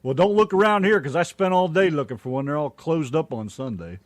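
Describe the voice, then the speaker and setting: A man co-hosting a chat show, throwing in quick jokes and questions. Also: fairly high pitch, animated, no echo. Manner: joking, quick quips. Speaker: co-host. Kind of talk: casual chat.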